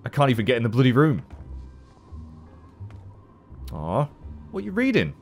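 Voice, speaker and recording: A man giving chatty, animated gameplay commentary as a let's play host, swearing casually. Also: mid-range voice, quick pace, soft background music.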